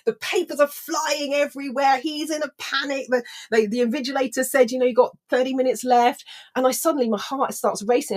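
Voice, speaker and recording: A woman, a personal development trainer telling a story to an audience, acting out the voices of people in it. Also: high-pitched. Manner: animated, acts out voices of people in her story.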